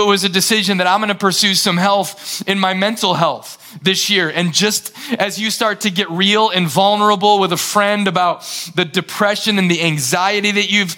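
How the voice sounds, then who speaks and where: A male pastor preaching a sermon in an energetic, conversational way, retelling scripture scenes dramatically. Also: high voice.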